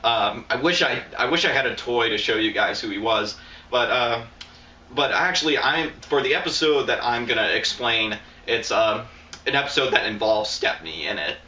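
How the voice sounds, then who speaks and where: A man's voice: mid-range voice, normal speed, pushed and bright, breathy edge, rough recording. A young man hosting a casual video, rambling through his review with lots of fillers and restarts. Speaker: video host. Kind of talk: casual toy show-and-tell review.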